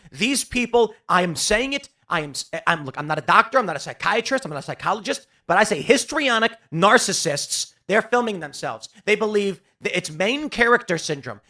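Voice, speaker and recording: A man's voice: high voice, pushed and bright. A man hosting a political commentary show, talking in an emphatic, sarcastic ranting way. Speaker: host.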